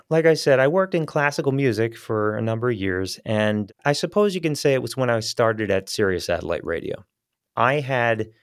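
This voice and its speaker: A man who works as a voice actor, chatting in a relaxed, rambling way as an interview guest on a studio microphone. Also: lowish voice, clear, resonant tone, no echo. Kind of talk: casual interview chat. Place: small studio.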